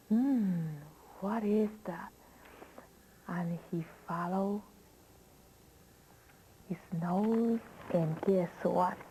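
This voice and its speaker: A woman telling a children's story slowly and expressively, asking listeners questions. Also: mid-range voice, a little hiss or hum, rough recording.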